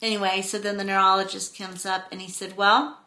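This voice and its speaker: A middle-aged woman vlogging, telling a personal story in a rambling, expressive way. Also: medium pitch, quick pace. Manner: rambling, expressive, acts out quotes with exclamations.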